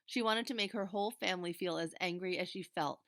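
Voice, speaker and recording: A woman voicing a furious little girl who shouts in a high, loud voice during a tantrum. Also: fairly quick, dry recording, clean studio sound.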